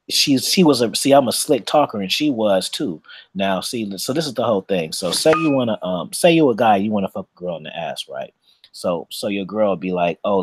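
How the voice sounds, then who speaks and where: A man's voice: fairly low pitch, breathy edge, no room sound. A man co-hosting a casual, uncensored chat, talking in a boastful, profane, slick storytelling way. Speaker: podcast co-host.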